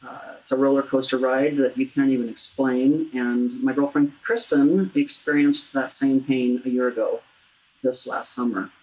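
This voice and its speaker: Brief: low-voiced female host, earnest and halting, interview on grief. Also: steady tone, darkish tone, low-quality recording. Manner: earnest, halting, with many restarts. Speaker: talk show host. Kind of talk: heartfelt interview about grief.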